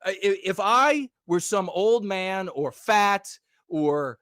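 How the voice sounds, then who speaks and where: A man with a high-pitched voice ranting on a livestream, confrontational and profane, who often climbs into shouting. He is recorded close and dry, with no room echo. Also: lively intonation, slow pace. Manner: combative and profane, rising to shouts. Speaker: livestream host. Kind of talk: livestream rant.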